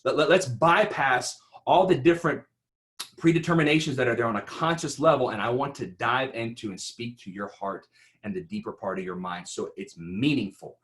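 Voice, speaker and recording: A man giving an instructional talk on speaking in online interviews, animated and rhetorical, often checking in with "right?". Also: mid-range voice, moderate pace. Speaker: presenter.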